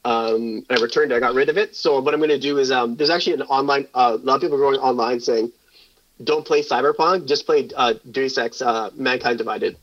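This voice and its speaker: Man, quick rambling chat, fillers, dull lo-fi sound. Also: medium pitch, fairly bright tone. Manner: rambling, many fillers and restarts. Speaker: podcast co-host. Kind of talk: casual chat.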